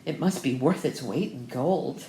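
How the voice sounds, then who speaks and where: A woman's voice: a bass voice, a little slow, mellow, a little hiss or hum. A woman reading aloud, voicing a chattering, emphatic older country lady who rambles through digressions. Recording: roomy echo.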